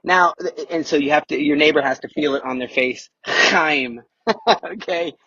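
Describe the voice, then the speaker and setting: A man's voice: on the high side, normal speed, pushed and bright, husky, no room sound, muffled recording. A man from the United States, a podcast guest talking emphatically and repeating key words, heard over a remote call. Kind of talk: casual interview talk.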